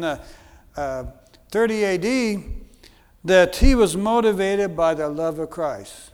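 High-voiced American preacher in a reverberant church. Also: male voice, clear, resonant tone. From United States. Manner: earnest, repeats phrases, frequent fillers. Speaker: guest preacher. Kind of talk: sermon. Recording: long hall reverb.

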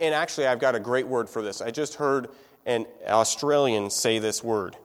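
Man lecturing in an echoey hall. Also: medium pitch. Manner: conversational, asks the room questions. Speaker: music teacher. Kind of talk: classroom lecture.

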